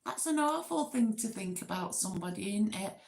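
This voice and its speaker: A woman's voice: medium pitch, lively intonation, fairly quick, creaky, darkish tone. A woman hosting a casual, rambling live chat with viewers, giggly and self-deprecating. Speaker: livestream host.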